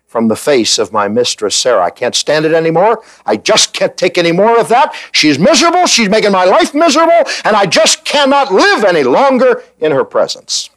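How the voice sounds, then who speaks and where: A man's voice: sits high, big pitch swings, a little fast, hardly any pauses, fairly bright tone, pitched above the performer's own voice. A man doing a desperate young woman. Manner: pleading, desperate. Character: distraught young woman fleeing her mistress.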